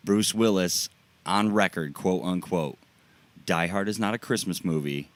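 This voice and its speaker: Laid back podcast host guy, real deep voice, chuckles a lot. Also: unhurried. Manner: relaxed, easygoing, laughs often. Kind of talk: casual chat.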